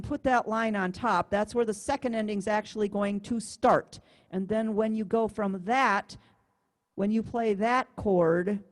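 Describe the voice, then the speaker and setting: Warm-voiced woman teaching music online. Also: medium pitch. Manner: patient, explanatory, counts beats aloud. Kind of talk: online class instruction. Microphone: computer mic on a video call.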